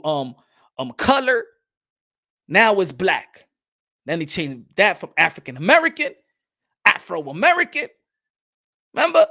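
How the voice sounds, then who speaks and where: A man's voice: high voice, pushed and bright. A man hosting a casual podcast, talking animatedly with many repeated words and switching into Spanish phrases while acting out exchanges. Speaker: podcast host. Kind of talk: casual talk.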